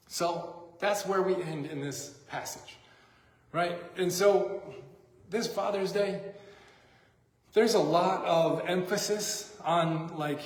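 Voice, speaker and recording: A man's voice: a little high, slow. A man preaching a sermon as a pastor, in a casual, joking, conversational way, recorded in a church sanctuary. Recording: echoey church hall.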